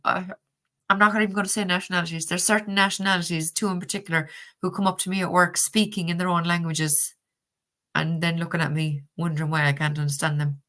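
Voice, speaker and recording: A woman's voice: lowish voice, fairly even intonation, fast, bright, forceful tone. A middle-aged woman with a Cork Irish accent, chatting casually on a livestream, telling stories with lots of fillers and restarts. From Ireland. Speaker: livestream host reading tarot.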